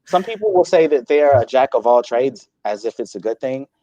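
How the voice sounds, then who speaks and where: A man's voice: medium pitch, animated, dark tone, dry recording, rough recording. Self-deprecating male guest, dry sound. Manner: self-deprecating, quick asides. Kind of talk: casual interview chat.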